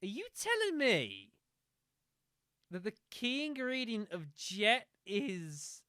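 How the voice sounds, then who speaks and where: A man's voice: sits high, wildly swooping pitch, slow, bright, forceful tone, smooth, no echo. A man giving live commentary while he streams a game, reacting with disbelief and dry sarcasm.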